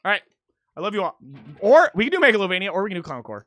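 High, bright-voiced excitable male streamer. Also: rapid-fire, dry recording. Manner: excitable, swearing, shouting in celebration. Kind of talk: casual live-stream chat while gaming.

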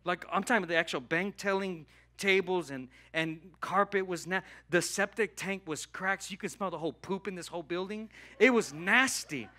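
A man preaches a sermon in a church, a pastor telling his own story. His voice sits a little high and sounds bright and forceful. He acts out the dialogue with God with lively energy. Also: fairly quick, hardly any pauses. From Southern California. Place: church hall.

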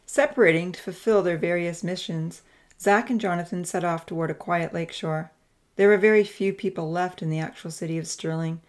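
A woman with a fairly low voice reads a Christian novel as scripted audiobook narration, measured yet expressive.

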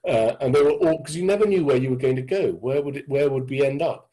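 An English man in his sixties telling his story thoughtfully over a video call, halting with many restarts. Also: medium pitch, dark tone, poor audio. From England. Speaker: guest speaker. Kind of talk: reflective storytelling talk. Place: indoor room with a door behind.

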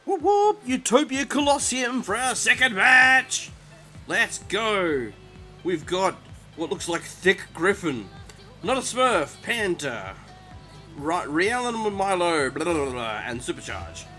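A man giving excitable, self-mocking commentary over his own gameplay, exclaiming and groaning as it goes. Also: sits high, slow pace, soft background music. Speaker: gaming commentator.

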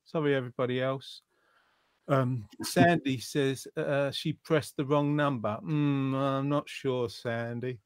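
A man's voice: mid-range voice, fairly even intonation, unhurried, clean tone, dry recording. A man hosting an online quiz show, reading out viewers' answers and teasing them in a jokey way. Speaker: quiz host.

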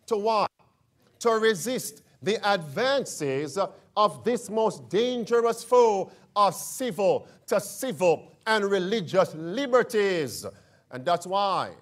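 A man's voice: sits high, fairly bright tone. A man preaching a sermon who keeps throwing questions back at his listeners and calls them friends. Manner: emphatic call-and-response questions.

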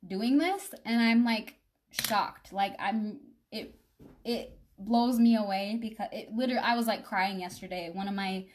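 A young makeup vlogger with a medium-pitched voice chats casually at a measured pace on her live makeup stream, rambling a bit and speaking straight to her viewers.

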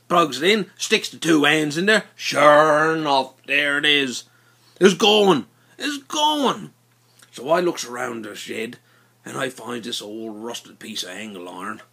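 A man spins a yarn in broad local dialect. His bright, slightly husky voice swings up and down as he tells it. The delivery stays lively and animated throughout. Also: medium pitch. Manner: animated, folksy dialect narration. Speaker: storyteller. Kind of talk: casual spoken storytelling.

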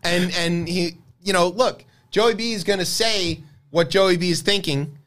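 A man's voice: high-pitched, measured pace, fairly bright tone. A man co-hosting a podcast, talking through the news in a wry, sarcastic, casual way. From United States. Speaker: podcast co-host. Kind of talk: casual political chat.

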